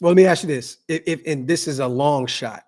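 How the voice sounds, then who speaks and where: A man's voice: on the high side, a little fast, darkish tone. A man hosting a podcast interview in a casual way, pressing his guest with follow-up questions. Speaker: podcast host.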